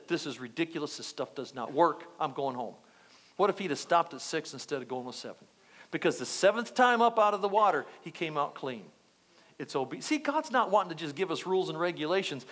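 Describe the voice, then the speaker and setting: A male pastor preaching a sermon, telling a story with lively acted-out quotes. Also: on the high side. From United States. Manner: animated storytelling, acting out quotes.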